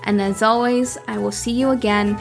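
A woman hosting a podcast, recapping a story in a chatty, expressive way and slipping in Spanish words. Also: on the high side, moderate pace, vocal fry, loud music behind the voice. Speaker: podcast host.

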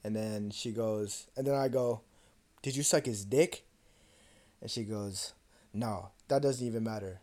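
A young man co-hosting a podcast, telling a personal story in a casual, profane and animated way and acting out the other voices. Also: lowish voice, a little slow. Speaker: podcast co-host.

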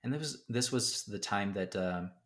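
Low-voiced man telling a lively story. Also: normal speed. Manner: animated storyteller who acts out quotes. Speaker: guest. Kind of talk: casual storytelling in a podcast interview.

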